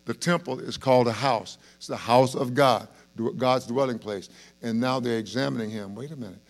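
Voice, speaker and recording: Gravelly-voiced male preacher. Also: mid-range voice, moderate pace. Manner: earnest, emphatic, with frequent restarts and rhetorical questions. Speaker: pastor. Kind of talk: evening Bible study sermon.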